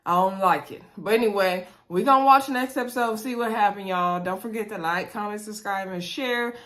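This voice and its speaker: A woman's voice: medium pitch, brisk, a bit bright. Woman reviewer, chatty recap vlog, talks to viewers like friends, medium voice. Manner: chatty, addresses viewers as y'all, laughs often.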